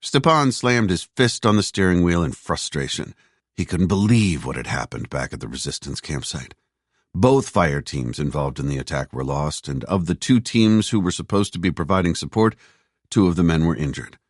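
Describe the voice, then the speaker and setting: A man reading a thriller audiobook in a measured, steady narration on a close mic. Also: low-pitched, dry recording. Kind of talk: scripted narration.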